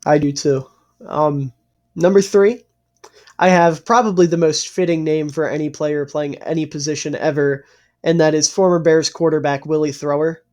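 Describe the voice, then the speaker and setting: A man's voice: a little high, steady tone, moderate pace, darkish tone. A man from the East Coast of the US, hosting a casual podcast over a call. He explains his points at length in an earnest way. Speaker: podcast host. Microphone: remote call.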